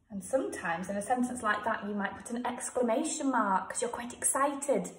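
A woman with an English accent teaching a home writing lesson to young children. She talks slowly and sounds words out letter by letter. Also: a little high, fairly bright tone, a little hiss or hum. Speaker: primary school teacher. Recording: echoey room, voice from a distance.

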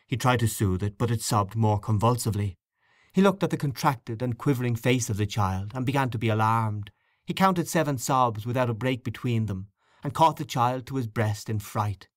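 A man narrating a classic short story in a measured, quietly expressive reading. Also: medium pitch, no echo, studio quality. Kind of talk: literary audiobook reading.

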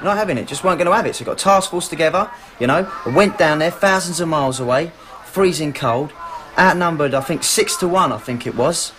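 An actor playing a swaggering geezer. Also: male voice, a little high, a little fast, fairly bright tone, faint music behind, natural voice. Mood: boastful. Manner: boastful, swaggering. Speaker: actor in a crime film. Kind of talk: film dialogue.

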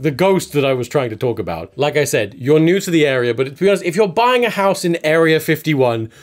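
A man improvising a nervous, pushy male estate agent rattling through a house tour. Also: fairly high pitch. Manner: flustered, over-eager salesman patter. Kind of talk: improvised comedy presentation.

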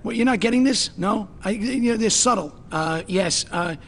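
A man playing an eager, rambling actor at an audition in a comedy sketch, with a gravelly voice. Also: high-pitched, normal speed, a bit bright, long reverb tail, slight background noise.

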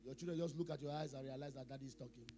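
A middle-aged man preaching a sermon as pastor, asking the congregation questions, repeating phrases, and swinging between loud emphasis and quiet asides. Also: medium pitch, racing, soft background music.

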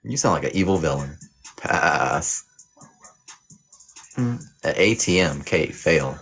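A man's voice: a bass voice, lively intonation, takes it slowly, vocal fry, fairly bright tone, breathy edge, faint music behind. A young man hosting a livestream, playing a mock teacher who reads chat and hands out teasing, profane pass-or-fail verdicts. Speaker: livestream host. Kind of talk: playful mock teacher reading live chat.

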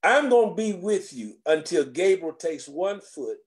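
A man preaching a sermon as senior pastor of a church, speaking with a rising, whooping cadence with drawn-out phrases. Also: high-pitched, very animated. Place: church sanctuary.

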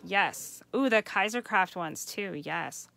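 A woman hosts a live craft demonstration and chats eagerly to her viewers as she works. Her voice sits at a middle pitch and turns gravelly at the ends of phrases. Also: lively intonation, takes it slowly, sharp tone. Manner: chatty, enthusiastic, addresses viewers as you guys. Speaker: craft host. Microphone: home setup for a live stream.

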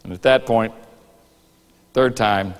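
A man preaching a sermon in a church, telling the story lively and acting out voices and rooster calls. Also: lowish voice, slow, clear, resonant tone. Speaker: pastor. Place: church sanctuary. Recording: reverberant church hall.

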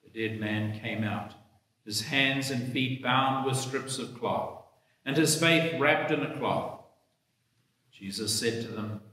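A man, a priest, reading the gospel and preaching a sermon in a slow, measured, reflective way. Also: medium pitch, fairly bright tone. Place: church. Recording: echoey church hall.

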